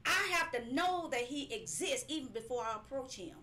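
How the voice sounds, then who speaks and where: A woman's voice: high voice, very animated, moderate pace, pushed and bright. A woman preaching a live-streamed sermon, emphatic and repetitive, sometimes breaking into laughing cries.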